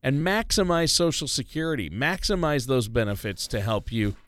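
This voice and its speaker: A man's voice: mid-range voice, lively intonation, normal speed, a bit bright, no room sound. A man co-hosting a money radio show, easygoing and jokey, with filler words. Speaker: radio co-host. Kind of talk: casual radio talk.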